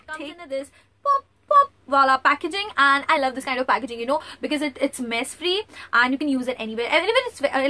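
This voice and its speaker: A young woman, chatting excitedly through a beauty product haul at home. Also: high-pitched. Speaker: beauty vlogger. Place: at home, near a bookcase.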